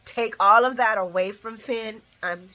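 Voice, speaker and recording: A woman hosting a casual recap, talking emotionally and rambling, sometimes shouting her reactions. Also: fairly high pitch, measured pace. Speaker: soap opera recap host.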